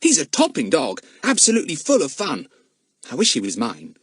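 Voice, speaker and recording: A man reading an audiobook, voicing a schoolboy who speaks in a low, confiding way. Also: huge pitch swings, brisk, slightly rough, no echo, clean studio sound, full character voice. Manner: confiding, disapproving.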